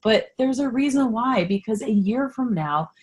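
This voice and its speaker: A woman's voice: a little high, moderate pace. A woman hosting a solo podcast in a candid, chatty way, sarcastic about herself and passionately encouraging. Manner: animated, encouraging, gets passionate. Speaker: podcast host. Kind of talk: casual solo podcast talk.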